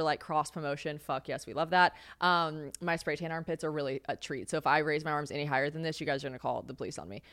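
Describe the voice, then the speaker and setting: A young woman hosting a podcast alone, with a light Southern American accent, chatty and animated, full of "like" and casual swearing. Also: lowish voice, no echo, clean studio sound. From Southern United States. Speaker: podcast host. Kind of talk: casual solo podcast chat.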